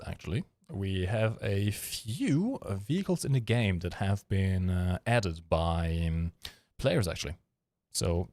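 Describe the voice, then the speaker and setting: A man with a lowish voice hosts a casual live stream and rambles through jokes and chat questions. He fills gaps with ums and uhs. The sound is dry and close, with no room echo. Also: a little mellow. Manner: joking, rambling, with frequent fillers.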